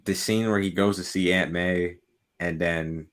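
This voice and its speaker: Excitable young man, low voice. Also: unhurried. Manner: excitable, heavy use of "like", laughs often. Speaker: podcast co-host. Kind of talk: casual chat.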